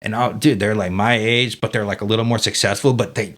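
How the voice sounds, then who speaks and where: A man speaks as a podcast guest in a somewhat low voice. His storytelling is loose and candid, full of swearing and fillers like "dude" and "you know". He sounds like an everyday guy talking straight. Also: fairly even intonation, a little fast, a bit bright. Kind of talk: casual storytelling.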